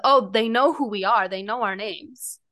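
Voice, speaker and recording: A woman's voice: medium pitch, normal speed, pushed and bright. Woman recounting a true-crime story. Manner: retelling events with frequent fillers. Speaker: podcast co-host.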